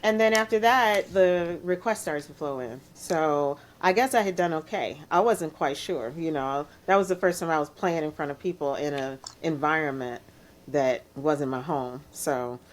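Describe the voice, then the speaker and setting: Low-voiced middle-aged woman reminiscing. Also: normal speed. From Chicago, US. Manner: soft-spoken, reflective, laughs often. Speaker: DJ guest. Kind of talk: relaxed storytelling interview.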